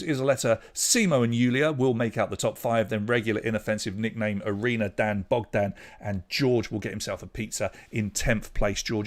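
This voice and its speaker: A young British man hosting an online pub quiz, chatty and loose, reading out scores and names and trailing off when a name escapes him. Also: mid-range voice. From Britain. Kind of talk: live-streamed quiz hosting.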